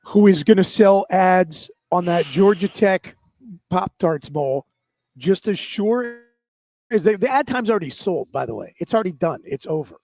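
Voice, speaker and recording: A man's voice: high voice, sing-song, moderate pace, creaky, darkish tone. A man hosting a sports talk radio show, ranting sarcastically about college football.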